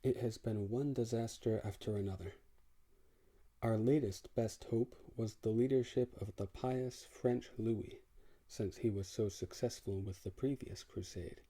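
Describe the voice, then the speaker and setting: A man's voice: on the low side, fairly even intonation, a little slow, dark tone. A man reading an audiobook, voicing a brusque, disillusioned crusader prince in a blunt, sardonic way. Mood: brusque, weary.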